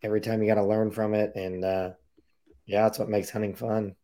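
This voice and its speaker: Man, hoarse raspy voice, podcast host, casual chat, chatty and relaxed, low mellow voice. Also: brisk. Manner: relaxed, chatty, lots of "like" fillers.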